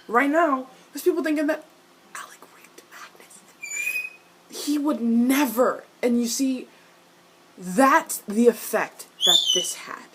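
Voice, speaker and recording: A woman reacting to a TV episode in casual, excitable rants, swearing often and turning exasperated. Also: sits high, background noise. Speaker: video reviewer.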